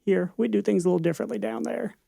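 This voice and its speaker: A woman putting on a folksy older Southern male politician, drawling and teasing. The voice rides a bit higher than her own low, gravelly tone. It is recorded close and dry. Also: fast talker, mellow, dry recording.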